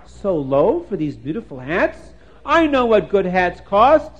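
A man doing a chatty excitable poet. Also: high-pitched, measured pace. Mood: insistent. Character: cheerful talkative poet man, husband. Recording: dull lo-fi recording.

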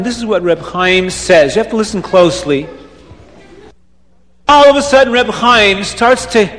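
A man telling a story aloud in an animated, repetitive way, sprinkling in Yiddish words. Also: high-pitched. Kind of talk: oral storytelling. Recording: long reverb.

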